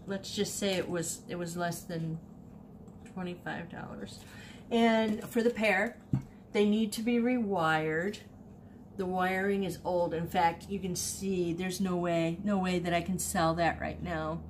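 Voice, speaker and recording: A woman's voice: lowish voice, slight background noise. A woman, chatting casually and animatedly about her thrift finds, often repeating herself as she tells a story. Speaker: online reseller showing thrift finds. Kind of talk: casual haul video chat.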